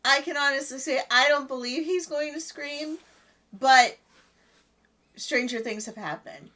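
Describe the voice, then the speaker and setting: Female co-host, slightly high voice, casual and giggly, teasing banter. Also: a little slow, sharp tone. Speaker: co-host of a gaming channel. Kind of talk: casual gameplay chat.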